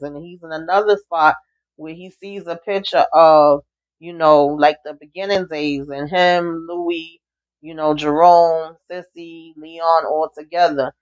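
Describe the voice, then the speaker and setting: A woman giving a casual, chatty TV episode recap, acting out the characters' lines as she retells each scene. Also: deep voice. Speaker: TV recap reviewer. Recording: dull lo-fi recording.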